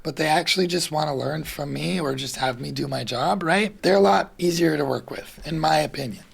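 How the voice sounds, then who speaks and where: A man's voice: a little high, gravelly, husky. A man hosting his own channel, giving casual freelancing advice in a conversational way, often tagging "right?" and "like". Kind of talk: casual instructional monologue.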